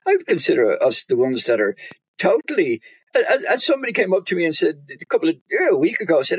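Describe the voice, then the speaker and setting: A man with an Irish accent, a doctor talking as a guest in a casual chat, wry and teasing, with halting restarts. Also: high voice, sing-song, slightly rough, dry recording. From Ireland.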